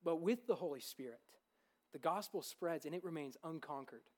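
A man's voice: fairly high pitch, normal speed. A young man preaching a sermon as pastor, earnest and growing fervent. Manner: earnest, building to fervent enthusiasm.

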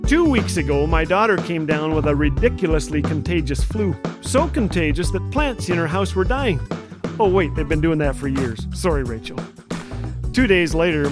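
An older man hosting a radio show, delivering a humorous monologue as playful storytelling with quick punchlines. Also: high-pitched, lively intonation, no room sound, studio quality, faint music behind.

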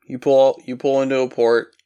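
A man's voice: medium pitch, level tone, moderate pace, warm tone, clear, resonant tone, muffled recording. A man chatting casually on a podcast, making dry, laid-back remarks.

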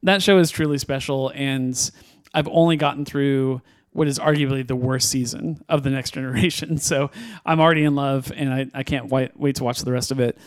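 A man's voice: mid-range voice, steady tone, moderate pace, clear, resonant tone. A man hosting a podcast in a casual, rambling way, with many fillers and restarts. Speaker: podcast host.

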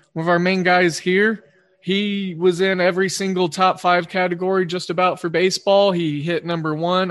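A man with an Oklahoma twang hosting a sports betting podcast in a rambling, quick-fire casual monologue that often corrects itself. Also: high-pitched, fairly bright tone.

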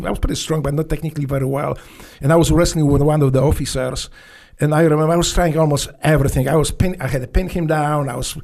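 Gravelly Polish-accented man telling war stories. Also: fairly high pitch. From Poland. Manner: animated anecdotes with broken English and frequent laughter. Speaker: podcast guest, former Navy SEAL. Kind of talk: casual storytelling conversation.

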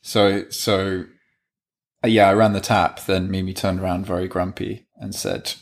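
Deep gravelly young man, rambling. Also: little pitch movement, moderate pace. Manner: rambling, hesitant storyteller. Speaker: co-host. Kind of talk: casual couple chat.

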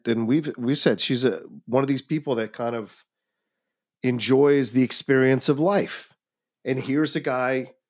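Podcast guy mulling over movie characters, mid pitch, easygoing. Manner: reflective, thinks aloud. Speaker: podcast co-host. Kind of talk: casual film discussion.

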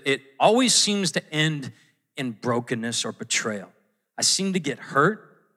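A fairly high, pushed and bright voice belongs to a pastor giving a conversational sermon in a church auditorium. He tends to break off and restart his sentences, acting out the quotes along the way.

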